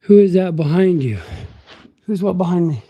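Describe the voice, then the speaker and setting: Between exercises, a man on a live stream casually responds to his chat with relaxed, easygoing banter. He speaks at a moderate pace in a voice that sits high, and the audio sounds dull.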